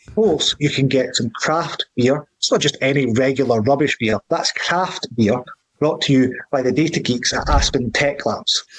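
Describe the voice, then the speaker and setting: A man's voice: mid-range voice, low-quality recording. A man with a Scottish accent presenting a playful, cheeky promo segment. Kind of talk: comic promo read.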